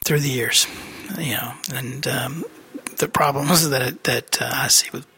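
A man's voice: mid-range voice, unhurried, sharp tone, breathy edge. A man hosting a podcast, giving a casual personal update in a rambling way with many fillers and restarts. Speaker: podcast host.

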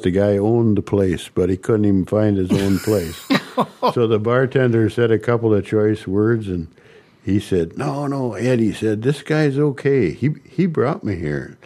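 An older man recounting old church stories in a halting, chuckling interview manner. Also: lowish voice, mellow. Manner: slow, halting storyteller with chuckles. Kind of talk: storytelling interview.

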